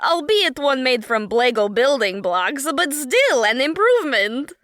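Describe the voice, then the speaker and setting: A man's voice: very high-pitched, big pitch swings, unhurried, sharp tone, no echo, studio quality, voice pushed up, exaggerated voice. A man voicing Momo, a giggly catgirl woman. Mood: laughing, teasing. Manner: giggly, teasing. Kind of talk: audiobook character voicing.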